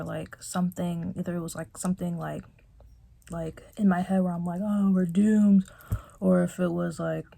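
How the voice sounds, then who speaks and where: A young woman vlogging reflectively from her bedroom, talking softly and haltingly with many fillers and restarts. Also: fairly low pitch, vocal fry. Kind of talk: reflective personal vlog.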